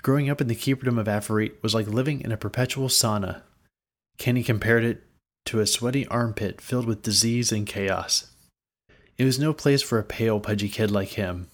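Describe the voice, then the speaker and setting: A man narrating a fantasy audio story with a somewhat low voice. He reads in a dry, wry manner, steady and measured.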